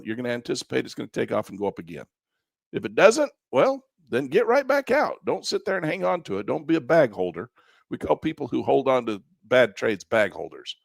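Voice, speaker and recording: A man's voice: mid-range voice, vocal fry, no echo, clean studio sound. A man teaching a live online trading class, coaching in a folksy, repetitive way and chuckling now and then. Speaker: trading instructor.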